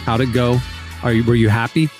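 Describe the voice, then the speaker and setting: A man hosting a podcast in casual chat, inquisitive and quick to laugh. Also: medium pitch, little pitch movement, a little mellow, faint music behind. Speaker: podcast host.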